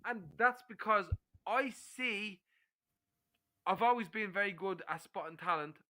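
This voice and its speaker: A man's voice: high-pitched, unhurried, bright, forceful tone, low-quality recording. A man in his forties chatting casually on a live stream, swearing often and pushing a friend into drinking banter. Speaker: stream guest. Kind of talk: casual chat.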